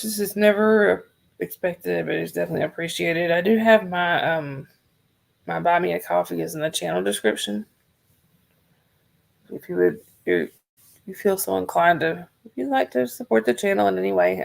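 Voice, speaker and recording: Lady on a livestream, real gravelly fry, voice going hoarse, rambly and soft. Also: lowish voice. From Georgia, US. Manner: soft-spoken, rambling, talks to chat viewers by name. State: losing her voice, yawning. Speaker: livestream host. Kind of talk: casual livestream chat.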